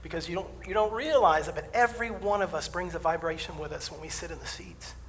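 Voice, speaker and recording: A man's voice: fairly high pitch, fast, slight background noise. A man preaching a sermon as the minister, folksy and humorous, telling personal stories and acting out voices. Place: church sanctuary. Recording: distant mic in a reverberant hall.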